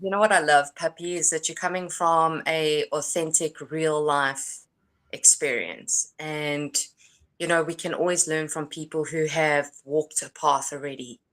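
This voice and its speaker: A woman co-hosting a casual livestream, speaking in a calm, reflective way and laughing often. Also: low-pitched, measured pace.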